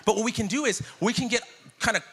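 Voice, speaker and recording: A man delivers a sermon with a high, bright voice. He talks in a loose, conversational way, jokes with the congregation and calls out for responses. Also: fast talker, breathy edge. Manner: conversational and jokey, calling out to the congregation. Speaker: pastor.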